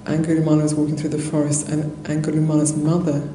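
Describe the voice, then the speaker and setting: A Buddhist nun giving a dharma talk in a monastery hall, telling a story conversationally with soft laughs and many fillers. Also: female voice, deep voice, monotone, fast talker. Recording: roomy hall echo, faint noise.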